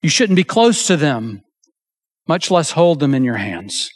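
A man preaching with a slightly higher voice than most men. He delivers his sermon earnestly and emphatically, slowing down on key phrases and voicing quoted lines with feeling. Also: very animated. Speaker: pastor.

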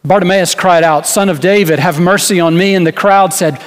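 A man's voice: fairly high pitch, normal speed, long reverb tail. A man preaching a sermon in an earnest way, asking rhetorical questions and restarting small phrases as he goes. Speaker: pastor.

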